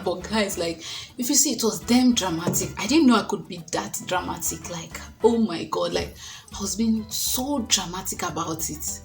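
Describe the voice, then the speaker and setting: A woman's voice: mid-range voice, normal speed, vocal fry, faint music behind. A young woman from Nigeria, retelling a story casually and dramatically, with lots of fillers. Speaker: vlogger.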